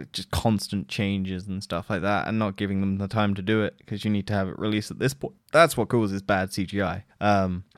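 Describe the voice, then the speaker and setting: A man's voice: on the low side, no echo, studio quality. A man hosting a solo podcast, giving a rambling, profane film review and mockingly quoting characters. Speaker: podcast host.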